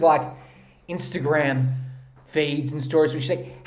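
A man's voice: on the high side, normal speed, roomy sound. A man hosting a podcast, ranting in a mocking, profane comedic style on a podcast mic. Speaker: podcast host.

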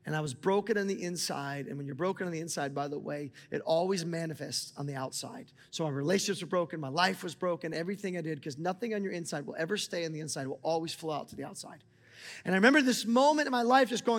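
A man in his forties preaching a sermon as a pastor, talking with passion and rising to near-shouts as he speaks to God aloud. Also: on the high side, quick pace. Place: church auditorium. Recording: large hall with long reverb, music beneath.

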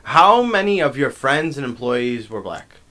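A man co-hosting a podcast, talking in an animated way and asking leading questions. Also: mid-range voice, a little slow. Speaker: podcast co-host. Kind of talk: casual chat.

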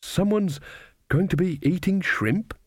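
A man's voice: a little high, big pitch swings, a little slow, darkish tone, no room sound, studio quality, voice pushed up. A man voicing a jolly, plump woman cook who asks eager, anxious questions in an audiobook.

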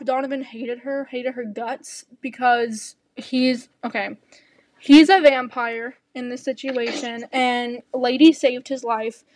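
A young woman with a high voice talks in a casual podcast chat, animated and gushing, with quick asides. Her voice sits dry and close, with little room sound around it. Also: dry recording. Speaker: podcast co-host.

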